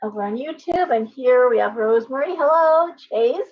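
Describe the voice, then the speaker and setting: A middle-aged woman hosts a casual livestream from her home shop, where pets are around. Her high, animated voice moves at normal speed as she chats, rambles, and pokes fun at herself. The stream audio is dull and lo-fi, with faint noise.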